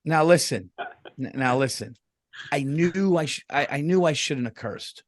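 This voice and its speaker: A man's voice: on the high side, measured pace, no room sound, studio quality. A man co-hosting a comedy podcast, telling rambling, profane stories in casual chat and laughing often. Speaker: podcast co-host.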